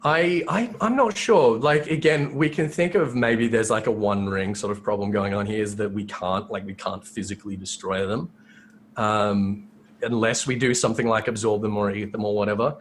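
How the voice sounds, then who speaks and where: Lower-voiced man in casual podcast chat. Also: steady tone, moderate pace, a little hiss or hum. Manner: rambling, with many fillers and restarts. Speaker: podcast co-host.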